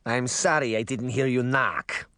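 A man's voice: mid-range voice, fairly even intonation, measured pace, sharp tone, no room sound, clean studio sound. A man voicing a crusty old female witch with a thick Russian accent, mocking and relishing her threats. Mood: gossipy.

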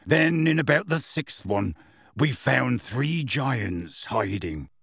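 Hagrid, a man doing a gruff giant gamekeeper. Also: mid-range voice, expressive, slow pace, a bit bright, no echo, studio quality, full character voice. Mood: gruff storytelling. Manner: rough dialect speech, dropped sounds, storytelling relish. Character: huge gruff male half-giant gamekeeper, warm-hearted. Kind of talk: audiobook character reading.

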